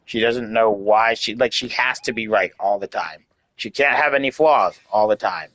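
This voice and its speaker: A man's voice: lowish voice, moderate pace, a bit bright, dry recording, poor audio. A man in his late thirties venting in casual chat, rambling and candid, with lots of "like" and swearing. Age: 30s. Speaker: host.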